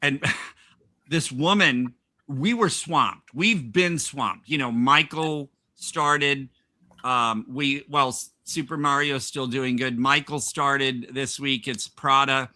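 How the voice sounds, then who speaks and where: A man's voice: medium pitch, slow pace, sharp tone. A man hosting a podcast, telling a rambling workplace anecdote in casual chat with frequent laughs and restarts. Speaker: podcast host.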